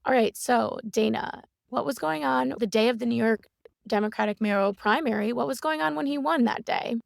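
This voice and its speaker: A woman's voice: on the high side, fairly quick, gravelly, no echo, clean studio sound. A woman with a Chicago accent co-hosting a podcast, asking questions in a casual, conversational way. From Chicago area. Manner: conversational, asks questions, short reactions. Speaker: podcast co-host. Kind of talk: casual chat, interviewer.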